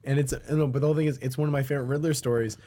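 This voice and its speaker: A man's voice: mid-range voice, steady tone, rapid-fire, mellow. A man in a casual podcast chat, emphatic and casually swearing.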